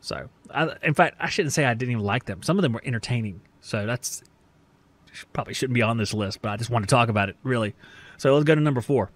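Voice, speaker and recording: A man's voice: medium pitch, fast talker. A man from the American South hosting a trade podcast in a casual, rambling, joking monologue. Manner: joking, rambling, self-deprecating. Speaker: podcast host.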